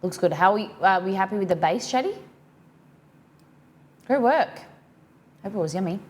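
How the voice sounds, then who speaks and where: A woman's voice: medium pitch, expressive, normal speed. A woman with an Australian accent hosting a cooking live-stream, chatting with viewers and reading their comments aloud as she reacts.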